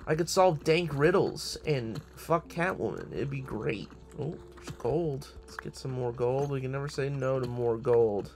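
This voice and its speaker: A man's voice: mid-range voice, unhurried, vocal fry, few pauses, a little mellow, a little hiss or hum. A young man giving casual, profane, joking commentary on his own game, talking to himself as he plays. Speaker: gamer.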